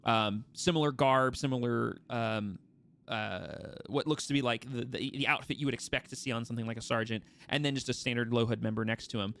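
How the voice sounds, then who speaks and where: Animated man narrating as game master. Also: medium pitch, a little fast, vocal fry. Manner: lively, animated narration with frequent restarts and laughter.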